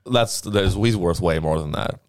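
A man's voice: sits low, normal speed, dry recording. A man co-hosting a podcast with wry, sarcastic casual banter. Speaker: podcast co-host.

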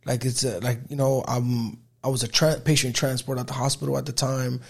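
Casting: young New man, gravelly voice, animated storyteller, casual podcast guest. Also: mid-range voice, brisk. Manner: animated storyteller, acts out quotes loudly.

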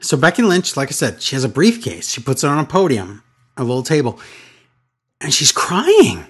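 A man co-hosting a podcast, chatting casually and retelling scenes with excitable voice changes. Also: medium pitch, normal speed, slightly rough. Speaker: podcast co-host. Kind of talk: casual podcast chat recapping wrestling.

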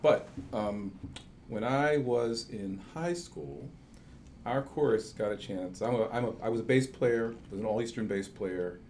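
A man's voice: fairly low pitch, unhurried, darkish tone, a little hiss or hum. A man hosting a casual chat, telling a self-deprecating story of his own. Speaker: host.

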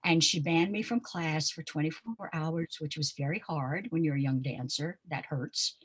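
Her voice is deep and slightly rough, moving at a moderate pace. This older dance teacher from Pensacola, Florida, recalls her past as an interview guest, telling stories peppered with ums and uhs.

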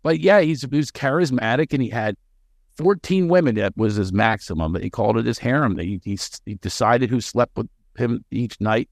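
A man who works as a comedian, a guest on a podcast, telling stories with energy and jumping into quick character voices. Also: mid-range voice, lively intonation, dry recording, studio quality. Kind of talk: animated podcast storytelling.

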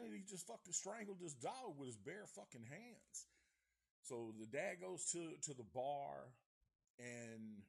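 A man's voice: mid-range voice, gravelly, husky. A man reviewing a horror movie on a live stream, rambling and swearing casually as he retells the plot. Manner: rambling, profane, laid-back storytelling.

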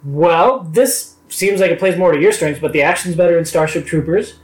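A man's voice: a little high, normal speed. A man co-hosting a casual podcast, teasing dryly. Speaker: podcast host. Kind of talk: casual chat. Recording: roomy echo.

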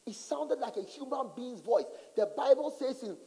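Preaching in a large church hall, this man has a very high-pitched voice and speaks at normal speed. He tells stories with animated drama and acted-out voices and asides, and the church's long hall reverb carries through the recording.

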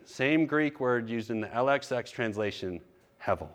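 A man's voice: mid-range voice, moderate pace. A man preaching a sermon, telling a candid personal story in a conversational way. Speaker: pastor.

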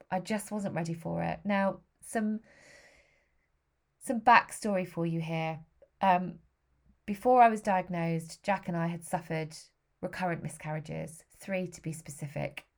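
A woman's voice: fairly low pitch, gravelly. A woman in her thirties telling a personal story in a frank, emotional way, with the odd swear word. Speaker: vlogger.

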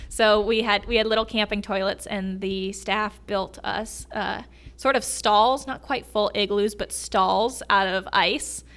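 A woman's voice: mid-range voice, fairly even intonation, unhurried, a bit bright. A woman guesting on a podcast, telling enthusiastic stories about animals and laughing as she goes. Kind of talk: casual storytelling chat.

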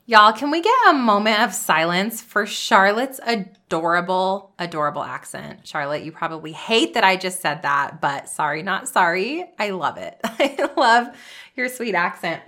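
A woman's voice: medium pitch, lively intonation, normal speed, pushed and bright. A woman hosting a podcast, giving an upbeat pep-talk style coaching monologue. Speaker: podcast host and business coach.

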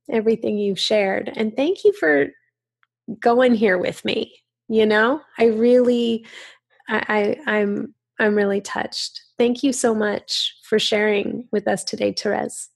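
A woman interviewing a podcast guest, speaking in a soft, gentle and affirming way. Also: mid-range voice, gravelly, breathy edge. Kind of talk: conversational interview.

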